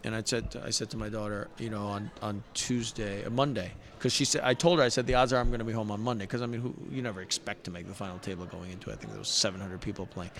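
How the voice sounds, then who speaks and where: A man's voice: on the low side, fast talker, hardly any pauses, slight background noise. Earnest middle-aged man telling a story. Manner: heartfelt, earnest, animated retelling with many restarts. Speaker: guest poker player. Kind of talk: conversational storytelling.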